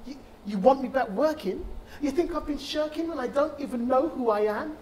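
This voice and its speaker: A man, a bereaved father, giving a conference talk and reciting a spoken-word poem with rhythmic, impassioned delivery and dramatic pauses. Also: very high-pitched, a little mellow, slight background noise.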